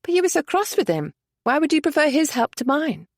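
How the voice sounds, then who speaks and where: A woman voicing a strong-willed young lady who talks briskly and teases gently. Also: high-pitched, big pitch swings, no room sound, clean studio sound, voice pushed up. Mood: lively.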